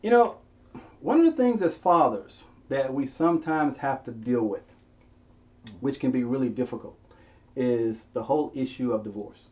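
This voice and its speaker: A man's voice: mid-range voice, expressive, moderate pace, a little mellow, recorded from a distance, dull audio. A man interviewing his grown son, often laughing as he tells stories and acts out voices in quotes. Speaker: interviewer and father. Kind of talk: unscripted conversation.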